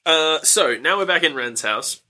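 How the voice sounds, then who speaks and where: A man's voice: fairly high pitch, expressive, moderate pace, bright, forceful tone. A man, recapping a film in casual, sarcastic chat and acting out the lines. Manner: laid-back, sarcastic, swearing, acts out lines. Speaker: podcast co-host.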